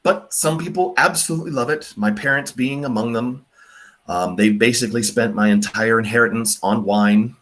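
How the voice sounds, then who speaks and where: A man teaching a class, talking casually with a mocking, animated manner and frequent fillers. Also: medium pitch, normal speed. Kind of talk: classroom lecture.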